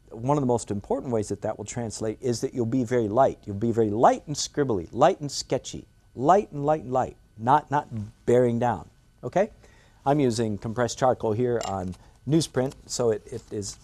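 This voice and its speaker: A man's voice: mid-range voice, a little mellow. Older man teaching drawing, playful. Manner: playful, self-mocking, rhetorical asides. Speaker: art instructor. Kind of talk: drawing lesson demonstration.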